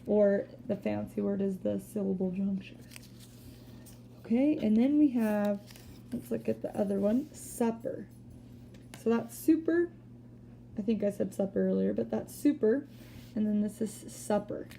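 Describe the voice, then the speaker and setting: A woman teacher giving a recorded spelling lesson, patiently explaining step by step and sounding out words slowly. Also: medium pitch, vocal fry, warm tone, slight background noise. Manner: slow deliberate word-by-word sounding out.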